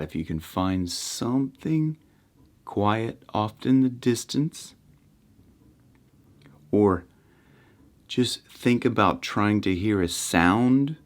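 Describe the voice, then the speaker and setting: Man, very deep voice, slow pace, rambling casual self-help talk, restarts sentences, soft trailing endings. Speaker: meditation channel host.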